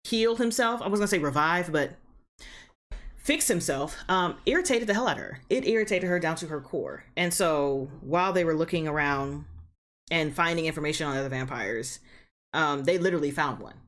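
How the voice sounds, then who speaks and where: A woman's voice: low voice, animated, normal speed, fairly bright tone. A woman hosting her reaction channel, chatting casually through an episode recap with lots of fillers and repeated phrases.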